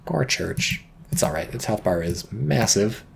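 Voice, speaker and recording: A man's voice: lowish voice, measured pace, creaky, slight background noise. Rambling, jokey man commentating a game. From not British. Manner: rambling, jokey, swears freely, gets excited.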